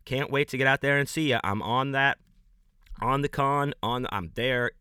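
A man hosting a podcast, giving loose, rambling, enthusiastic shout-outs to supporters in casual talk. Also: mid-range voice, moderate pace, clear, resonant tone, no echo, clean studio sound. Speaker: podcast host.

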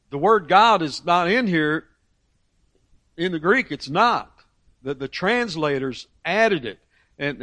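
A man with a notably high-pitched voice preaches earnestly, pressing hard on key phrases and stumbling into quick restarts. The sound is close and dry, with almost no room echo. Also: fairly bright tone. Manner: earnest, emphatic, with frequent restarts and read quotations. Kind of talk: sermon.

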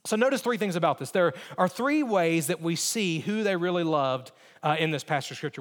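A man with a notably high voice preaches to his congregation, leaning on repetition and earnest emphasis. His words ring out with the long reverb of a large church hall. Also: lively intonation, fairly quick, few pauses. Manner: earnest, repetitive emphasis, mimics others in asides. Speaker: pastor. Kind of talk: sermon.

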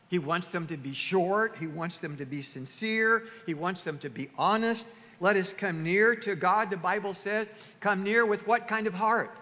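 A man preaching a sermon as pastor, animated, acting out the voices of churchgoers. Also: sits high. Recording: long hall reverb.

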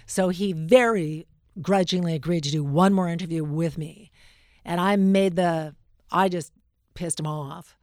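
Animated middle-aged woman telling stories. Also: on the low side, unhurried, no room sound, studio quality. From Western Canada. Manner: animated, acts out quotes with shifting voices. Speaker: radio host, interview guest. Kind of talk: storytelling in a casual interview.

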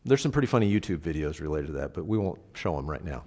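In a reverberant hall, a pastor with a rumbling low, slightly mellow voice preaches quickly and animatedly. His sermon is casual and conversational, often asking the congregation questions and punching key words in emphatic bursts.

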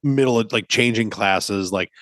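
A man in his thirties, a podcast co-host, chatting casually and telling animated, profane stories. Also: lowish voice, normal speed, no room sound.

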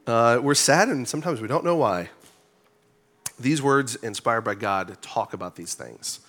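A man, a church elder and pastor, preaching a sermon from a church stage in a relaxed, joking, conversational way with lots of filler words. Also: mid-range voice, unhurried.

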